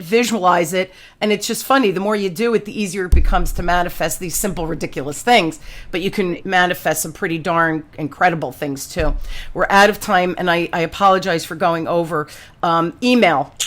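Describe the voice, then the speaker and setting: Animated woman podcast host. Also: mid-range voice. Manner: animated storyteller, exclamatory, slangy. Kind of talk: casual chat.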